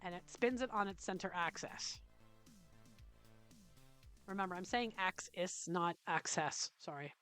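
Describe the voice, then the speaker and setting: A woman with a Canadian accent hosting a screen-recorded software tutorial, chatty and checking in often with "okay?". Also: on the low side, normal speed, long pauses, clean tone, faint music behind. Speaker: tutorial host.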